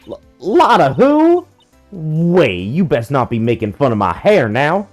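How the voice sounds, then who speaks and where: A pushy, boastful southern gal with a big folksy drawl, as a man puts her on. The voice sits well above a man's usual pitch and swings up and down with gusto, while loud, hollered calls cut through. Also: huge pitch swings, measured pace, faint music behind. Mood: brash. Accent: Southern US, put on. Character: brash southern woman photographer, loud and pushy. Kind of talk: fan voicing of a game character.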